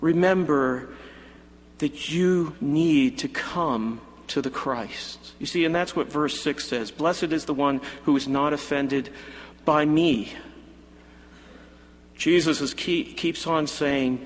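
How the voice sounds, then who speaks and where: A man preaching a sermon in a church, animated and expressive, sometimes acting out imagined quotes. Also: a little high, slow pace, a little hiss or hum. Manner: animated preaching, voices hypothetical quotes of Jesus. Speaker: pastor. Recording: church hall reverb.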